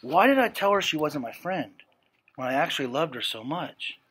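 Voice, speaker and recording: A man reading a children's story aloud in a gentle, steady narrating voice. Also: on the high side, normal speed, background noise. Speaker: reader.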